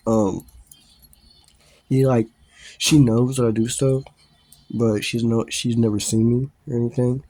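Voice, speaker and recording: A man's voice: medium pitch, mellow, slightly rough. A man casually telling a story, laughing often and swearing freely, with lots of fillers and restarts. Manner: rambling, with many fillers and restarts.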